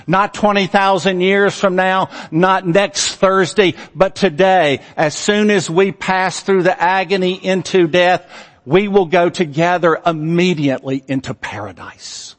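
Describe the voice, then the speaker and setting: A man preaching a sermon in a slow, earnest manner, letting his phrase endings fall soft and low. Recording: long hall reverb.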